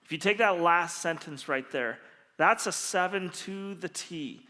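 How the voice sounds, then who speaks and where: A man preaching as a pastor, telling stories in an animated, humorous way. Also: sits high, measured pace. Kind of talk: storytelling sermon. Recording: long reverb of a large hall.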